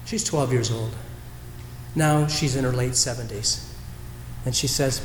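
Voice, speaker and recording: A man preaching a sermon as a pastor, telling a story in a reflective way with pauses and restarts. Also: medium pitch, slight background noise. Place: church sanctuary. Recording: roomy church hall echo.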